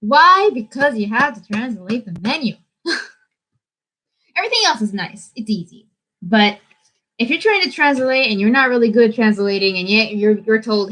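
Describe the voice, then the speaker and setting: A woman's voice: on the high side, expressive, normal speed, a bit bright, poor audio. A young woman from the United States with an American accent, hosting a casual livestream and switching between English and Japanese in a bubbly way. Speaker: livestream host.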